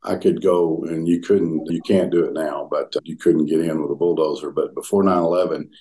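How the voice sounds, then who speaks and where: An older former pastor with a Southern US accent shares his story as a podcast guest, speaking earnestly and haltingly with many restarts. His voice is very deep, steady, and warm.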